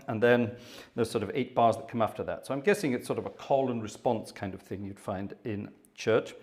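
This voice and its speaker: A chatty man at a mid-range pitch talks viewers through his setup in a loose, self-deprecating way. He hosts a live organ stream and speaks casually between pieces. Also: darkish tone.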